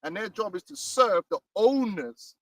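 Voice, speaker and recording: A man's voice: high voice, expressive, a little slow. A man preaching fiery and emphatic on a street outdoors, often tagging lines with "man", recorded from a distance.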